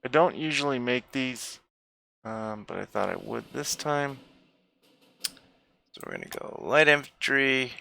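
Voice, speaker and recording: A man casually commentating a strategy game, thinking aloud slowly with frequent hesitations. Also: mid-range voice, creaky, sharp tone. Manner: slow, hesitant, thinking aloud with many fillers. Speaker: gameplay commentator. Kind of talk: casual let's-play commentary.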